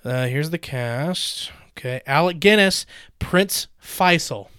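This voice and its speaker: A young man hosting a casual podcast chat, joking and animated as he tells stories to his friends. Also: fairly high pitch, slow pace, clear, resonant tone, no room sound, studio quality. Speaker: podcast host.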